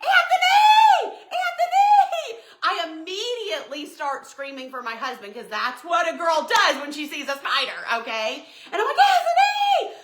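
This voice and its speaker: A woman's voice: high-pitched, normal speed, hardly any pauses, reverberant. A middle-aged woman, chatting folksily as she crafts on a live stream and tells stories. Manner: animated, folksy, bursts into shrieks and laughter when retelling. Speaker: craft livestream host.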